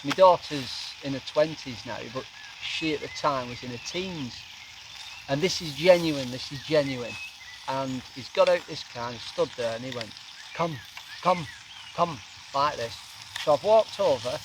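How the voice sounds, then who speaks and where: A middle-aged man with a medium-pitched voice, a guest at a lakeside camp, tells a funny story around the campfire, animated, slipping into quoted voices and laughing. The outdoor recording is noisy, with the fire sizzling in the background.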